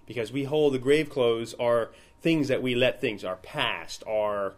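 A man leading an informal Bible study, talking in a relaxed, conversational way and acting out the people in the story. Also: mid-range voice, a little slow. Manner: conversational, retells scenes in acted quotes.

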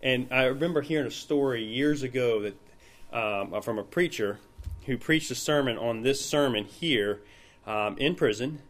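A man leading an informal Bible study, talking in a relaxed, conversational way and acting out the people in the story. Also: medium pitch, moderate pace. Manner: conversational, retells scenes in acted quotes.

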